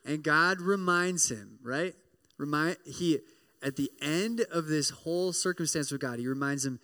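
A man preaching a sermon as pastor, in an animated, conversational way, often checking in with "right?" and acting out the prayers he quotes. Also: a little high, measured pace. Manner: acts out prayers and voices in quoted lines. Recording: long hall reverb.

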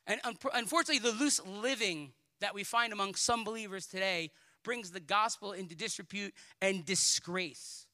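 A man's voice: high voice, normal speed, bright, forceful tone. A male pastor preaching a sermon in a passionate, pleading, emphatic way, with colloquial asides and repeated words.

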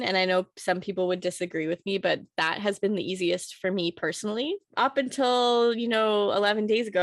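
A woman's voice: medium pitch, dry recording. A young woman, a new mother, chatting casually, laughing often and using many fillers. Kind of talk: casual chat.

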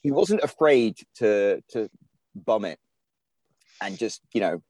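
British guest writer, low mellow voice, rambling casual storyteller. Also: male voice, sing-song, slow. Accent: British English. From England. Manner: rambling, many fillers and restarts. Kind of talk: casual podcast chat.

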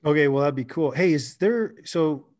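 A man's voice: fairly high pitch, animated, normal speed, darkish tone. A male podcast host from Canada chats casually with his guest. He rambles and restarts his sentences, and he sounds friendly and enthusiastic.

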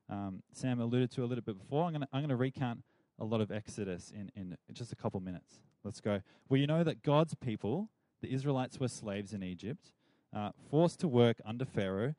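A man's voice: mid-range voice, mellow, no echo. A young man giving a chatty, playful Bible talk to a youth group and leading them in call-and-response.

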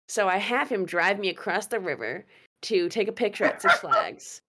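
A young woman telling a story in casual chat, animated and laughing, with plenty of fillers. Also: lowish voice, slow. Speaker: guest storyteller.

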